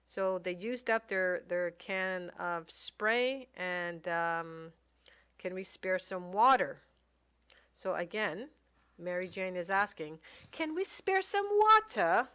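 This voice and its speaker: A woman giving casual gameplay commentary, reading game text aloud and thinking out loud with many pauses and fillers. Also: lowish voice, clear, resonant tone. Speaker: let's play commentator.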